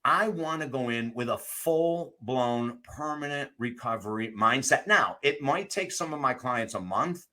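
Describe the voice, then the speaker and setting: A middle-aged man, a recovery coach, talking as a guest in an interview, animated and emphatic, laughing often as he tells stories. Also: medium pitch. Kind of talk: conversational interview storytelling.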